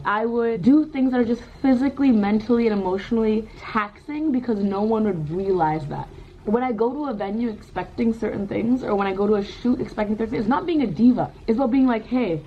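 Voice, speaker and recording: A young woman venting in an emotional vlog rant, fast and self-critical, laughing through her upset. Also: on the high side, slightly rough. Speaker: vlogger. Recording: dull, slightly lo-fi with faint background noise.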